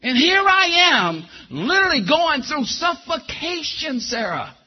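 A man's voice: very high-pitched, big pitch swings, a little slow, lo-fi sound. A man preaching a sermon and giving a testimony, calling listeners by name and asking them questions.

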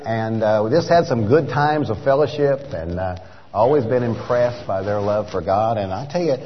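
Folksy Oklahoma preacher in a hall. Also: male voice, fairly low pitch, animated, moderate pace. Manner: folksy, repeats words, builds to emphatic rhythmic points. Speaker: traveling minister. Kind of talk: sermon. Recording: dull lo-fi church hall recording.

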